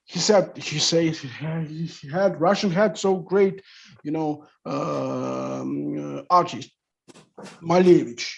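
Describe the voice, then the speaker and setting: A man speaking as a guest in a panel discussion, talking in halting non-native English with many fillers. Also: fairly high pitch, gravelly. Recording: muffled lo-fi audio.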